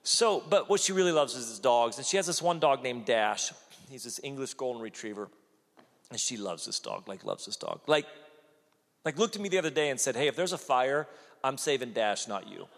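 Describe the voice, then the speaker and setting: A man in his forties preaching a sermon, telling stories with lively acted-out quotes. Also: medium pitch, brisk, long reverb tail. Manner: animated storytelling, acts out quotes. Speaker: pastor.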